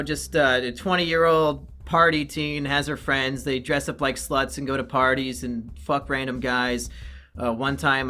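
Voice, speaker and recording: A man's voice: mid-range voice, pushed and bright. A man giving a comedic review in a profane, rambling, sarcastic way.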